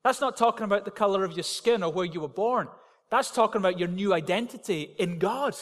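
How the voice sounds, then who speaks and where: A man preaches from the front of a church, hammering his points home in short, repeated declarations. His voice sits high for a man. The sound rings with the long reverb of a large hall. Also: brisk, a bit bright. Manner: emphatic, repetitive declarations. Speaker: pastor. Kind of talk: sermon.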